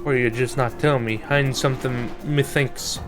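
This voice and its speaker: A man voicing a gruff, suspicious male guard who talks brusquely and insults strangers. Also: mid-range voice, steady tone, normal speed, over music, natural voice.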